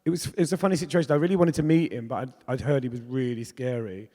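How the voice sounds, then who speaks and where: Speaking fast in a mellow mid-range voice, a man in his fifties who makes pop music chats and laughs his way through candid stories onstage at a festival talk. There's a little hiss or hum, plus long reverb from the hall.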